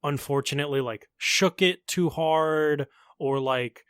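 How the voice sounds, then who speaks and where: A man's voice: on the high side, measured pace, fairly bright tone, smooth, no room sound, clean studio sound. Rambling young man. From Long Island, New York. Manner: laid-back, rambling, lots of "like". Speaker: podcast co-host. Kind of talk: casual chat.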